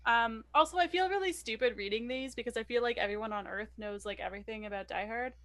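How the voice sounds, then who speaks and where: A young woman with a fairly high voice co-hosts a casual podcast about a film. She reads out trivia with plenty of ums and makes wry asides. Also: fast talker, fairly bright tone. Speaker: podcast co-host.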